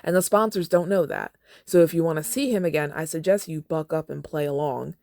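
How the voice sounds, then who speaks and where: A gruff, blunt older male mentor from a fan story read aloud, voiced by a woman. He scolds in a firm, raised voice. The sound is dry and close. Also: low-pitched, fairly even intonation, a little fast, darkish tone, no echo. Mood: scolding.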